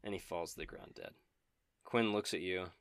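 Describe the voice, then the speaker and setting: A man narrating a tabletop game as game master, lively and crude. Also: low voice, normal speed, clean tone.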